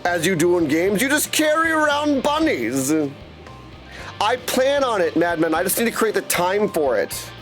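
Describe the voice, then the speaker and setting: Brief: high-pitched, excitable male streamer rambling to chat, faint music behind. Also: normal speed. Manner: excitable, rambling, keeps saying "my dudes". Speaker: game streamer. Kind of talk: casual live stream chat.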